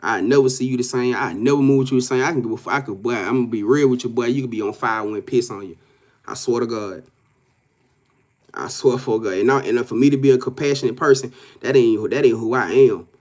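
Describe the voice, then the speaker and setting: A man with a mid-range, slightly mellow voice talks quickly while giving a relaxed tarot reading on a live stream. He addresses his viewers directly, curses and stresses his words, says things repeatedly, and laughs often.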